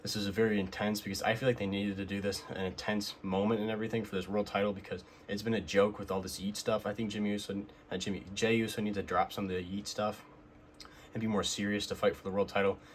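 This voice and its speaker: Young man rambling excitedly, low voice. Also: fast, a little hiss or hum. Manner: excited, rambling with many fillers and restarts. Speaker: wrestling figure collector recapping the week. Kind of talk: casual recap vlog.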